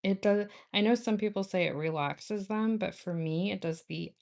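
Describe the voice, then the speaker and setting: A woman's voice: medium pitch, normal speed, creaky, darkish tone. A woman chatting casually with viewers on a livestream, rambling and laughing often. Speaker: nail art livestream host.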